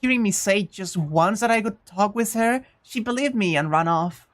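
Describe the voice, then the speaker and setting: A woman voices an earnest teenage boy hero for a visual novel read-aloud. She narrates in a slightly lowered, thoughtful voice at normal speed, with light acting.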